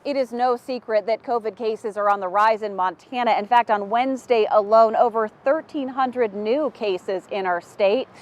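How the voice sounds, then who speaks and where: A woman reporter delivering a news segment with clear, formal reporting. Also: fairly high pitch, moderate pace, few pauses.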